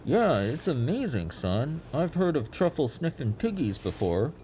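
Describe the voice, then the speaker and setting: A man voicing a mocking fisherman crewman who shouts taunts from a boat. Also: on the high side, big pitch swings, measured pace, slight background noise, voice pushed up.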